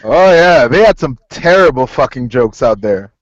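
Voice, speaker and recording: A man's voice: mid-range voice, lively intonation, normal speed, no echo. A man hosting a podcast in casual chat, laughing often and swearing as he tells stories. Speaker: podcast host. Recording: dull lo-fi sound.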